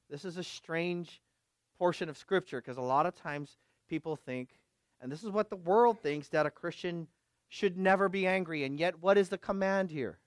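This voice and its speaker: Male pastor, high voice, dry close sound; emphatic preaching that swings loud and quiet, keeps asking the congregation questions. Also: no echo. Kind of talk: sermon.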